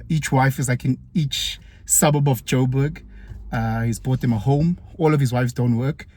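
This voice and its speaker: A man from KwaZulu-Natal with a South African accent, a former teacher chatting through a personal story in a vlog, lively and jumping up in pitch when he acts out other people.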